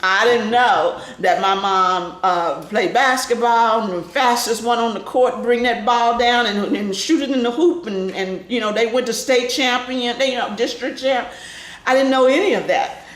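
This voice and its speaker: An older woman animatedly telling a family story in an interview, laughing often and acting out the voices of people in it. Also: normal speed. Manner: lively, laughing, acts out voices in high shouts. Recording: echoey room with faint noise.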